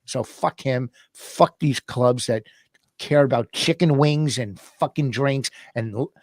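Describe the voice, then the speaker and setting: A man venting about comedy clubs in casual podcast talk, with a worked-up, exasperated delivery. His voice is middle-pitched, and it is recorded close and dry. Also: slow, no room sound. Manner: ranting, exasperated storytelling. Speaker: comedian co-host.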